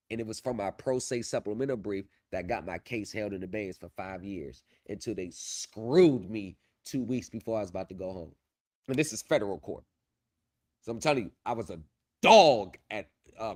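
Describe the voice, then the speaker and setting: A man's voice: lowish voice, darkish tone. A man hosting a casual livestream, talking confidently and repeating himself, trailing off while he works his screen, into a streaming setup mic. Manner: confident, repetitive, drifts off while working the screen. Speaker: livestream host on pro se legal help.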